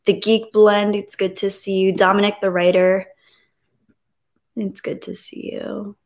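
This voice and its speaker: A woman hosting a casual live stream, greeting viewers and reading their messages aloud, soft and reflective when she talks about grief. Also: mid-range voice, level tone, measured pace.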